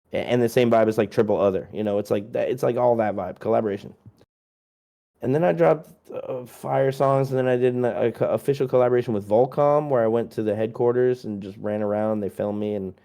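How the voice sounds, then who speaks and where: A man's voice: lowish voice, dark tone. A young man, a musician guest, chatting casually through a long list of his releases, rambling and joking with lots of fillers.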